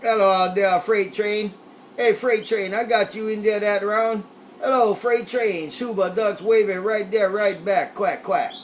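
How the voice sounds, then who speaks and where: Playful high-voiced man on CB radio. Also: steady tone, measured pace. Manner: playful, signs off with a quacking catchphrase. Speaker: CB radio operator. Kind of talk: casual CB radio chatter. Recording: CB radio with light static.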